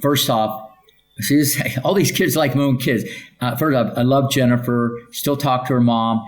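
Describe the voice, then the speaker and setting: An older man, a tennis coach, recounts his stories in an emphatic, punchy way. He rattles off lists of names and keeps checking in with "okay?", at an ordinary, mid-range pitch. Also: a little slow. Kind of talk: podcast interview storytelling.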